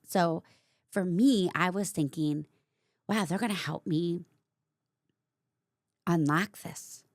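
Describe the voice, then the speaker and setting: A woman hosting her own vlog, candidly telling a personal story in a casual, animated way. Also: low-pitched, creaky, no room sound, studio quality. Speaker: vlogger host.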